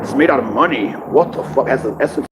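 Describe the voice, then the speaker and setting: A man's voice: mid-range voice, lively intonation, fast talker, noisy background. A man talking in a rambling, profane monologue, laughing often and restarting his sentences.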